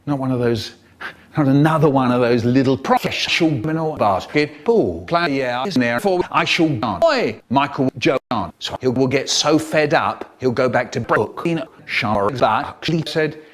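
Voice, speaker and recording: A man telling comic anecdotes in a theatrical way, swinging from loud outbursts to mutters. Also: medium pitch, animated, a little slow, a crowd in the background. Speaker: storyteller. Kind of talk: comic anecdote narration, chopped and remixed.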